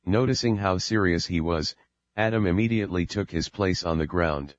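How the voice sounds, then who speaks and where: A man reading an audiobook as narrator, in a steady, measured way. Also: deep voice, no room sound, lo-fi sound. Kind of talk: scripted narration.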